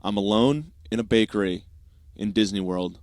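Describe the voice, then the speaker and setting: A young man tells a comic story in a fast, profane, animated way, slipping into quick voiced asides. His voice sits fairly low. The sound is dry and close, with no room around it. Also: no room sound. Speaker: podcast host. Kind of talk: comedic storytelling monologue.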